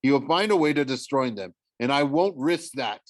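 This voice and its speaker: A man's voice: medium pitch, expressive, normal speed, dry recording, voice pushed up, lightly acted. Agitated god pleading, urgent, man does the read.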